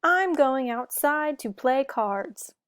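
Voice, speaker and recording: A woman's voice: high-pitched, lively intonation, slow, voice pushed up. A woman voicing a playful, boastful young male fox in a picture-book read-aloud, with dramatic exclamations.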